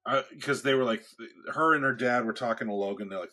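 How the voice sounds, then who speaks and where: A man's voice: mid-range voice, a little fast, hardly any pauses, pushed and bright. A man co-hosting a podcast in casual chat, telling rambling stories and jokes with many restarts. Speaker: podcast co-host.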